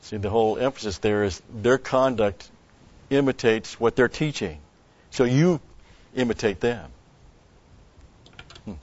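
A pastor teaching an expository Bible sermon, speaking deliberately and stopping to explain Greek word meanings. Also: male voice, mid-range voice, darkish tone, dry recording, muffled recording.

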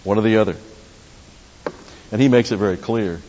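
A man preaching a sermon with a fairly low voice, talking to the congregation in an easy, conversational way with asides and restarts. The recording sounds dull, with a long hall echo and faint hiss underneath. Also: animated, a little fast, pauses often, dark tone. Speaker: pastor.

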